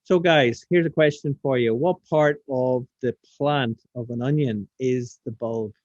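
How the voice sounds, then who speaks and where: A man's voice: medium pitch, measured pace, darkish tone, no echo. Man, science teacher, online class, casual, questions to students, dull lo-fi sound, dry. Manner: casual, talks while demonstrating, asks the class questions.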